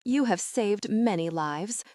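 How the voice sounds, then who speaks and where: A woman's voice: medium pitch, lively intonation, takes it slowly, a little mellow, no room sound. A woman voicing a stern female witch who speaks firmly, leaving no room for doubt. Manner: firm, leaves no room for doubt. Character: stern female dust wife witch, firm and certain.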